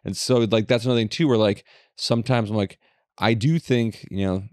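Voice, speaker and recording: A man's voice: on the low side, steady tone, a little fast, darkish tone, dry recording, clean studio sound. A young man co-hosting a casual podcast, rambling with lots of swearing and filler words. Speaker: podcast co-host. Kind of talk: casual chat.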